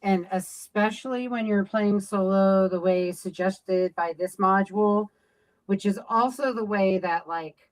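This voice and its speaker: A woman's voice: medium pitch, a little slow, rough recording. A woman being interviewed as a game designer, talking casually with many fillers and restarts.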